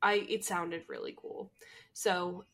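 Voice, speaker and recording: A woman's voice: on the low side, steady tone, takes it slowly, fairly bright tone. A young woman from New Jersey co-hosting a podcast in casual chat, giggly and full of filler words. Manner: chatty, giggly, lots of "like" fillers. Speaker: podcast co-host.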